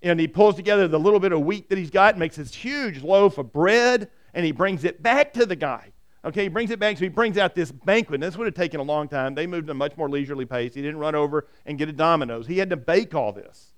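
Male pastor, high clear voice, animated storytelling sermon. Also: quick pace. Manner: animated storytelling, repeats words when starting.

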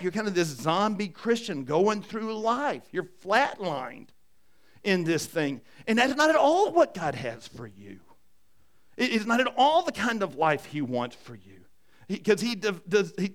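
A man's voice: sits high, a bit bright. An older man, a pastor with grandchildren, preaching a sermon in a conversational way with frequent restarts.

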